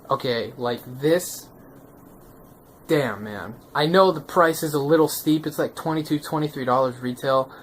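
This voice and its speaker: Excitable male vlogger, casual and slangy, mid-pitched voice over a faint hiss. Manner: excitable, slangy, often checks in with the viewer. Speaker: manga vlogger. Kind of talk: casual video review.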